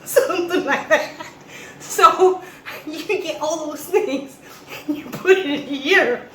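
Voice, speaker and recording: A woman's voice: high voice, expressive, measured pace, bright, forceful tone, a little hiss or hum. A Trinidadian woman giving a casual cooking demo in a home kitchen, jokey and chatty. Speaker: cooking vlogger. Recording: echoey room with faint ambience.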